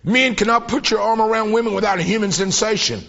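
Fervent high-voiced preacher. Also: male voice, fast talker, vocal fry. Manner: fervent storytelling, voice rising to shouts of praise. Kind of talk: sermon. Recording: dull lo-fi old tape.

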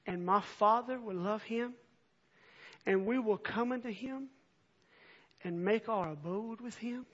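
High-voiced impassioned preacher man. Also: unhurried, pauses often, breathy edge. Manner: earnest, swells from soft reading to impassioned near-shouting. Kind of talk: sermon. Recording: dull lo-fi recording.

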